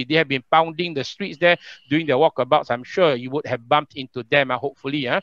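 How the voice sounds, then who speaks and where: A man's voice: medium pitch, steady tone, a little fast, a bit bright, dry recording, lo-fi sound. A Singaporean man hosting an online political rally over a video call, chatty, with many fillers and repeats. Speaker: rally emcee.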